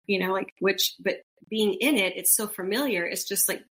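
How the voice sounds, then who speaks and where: This middle-aged podcast co-host has a mid-range voice and a normal pace. Chatting casually, she tells stories animatedly, imitating the voices she quotes and laughing.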